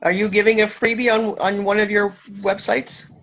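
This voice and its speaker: A woman from Canada, a spiritual teacher and speaker, talking effusively and emotionally in an interview, laughing often and pausing for effect. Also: mid-range voice, flat delivery, a bit bright, lo-fi sound. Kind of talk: casual interview talk.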